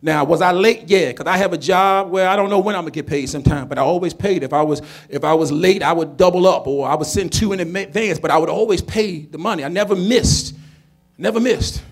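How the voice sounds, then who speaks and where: A man, a comedian telling a story to an audience, preachy and emphatic, building to shouts. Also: high-pitched, brisk. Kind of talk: storytelling talk to a conference audience.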